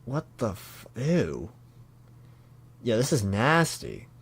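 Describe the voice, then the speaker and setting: A man reacting live to a comic chapter, reading panels aloud and thinking out loud in a casual way with sudden swearing. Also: medium pitch, wildly swooping pitch, takes it slowly, vocal fry, breathy edge. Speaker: manga reaction streamer.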